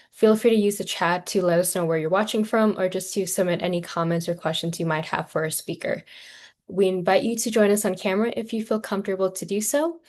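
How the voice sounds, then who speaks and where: Woman host reading out webinar announcements, friendly and clear. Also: medium pitch, a little mellow. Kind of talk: scripted program introduction. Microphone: video call.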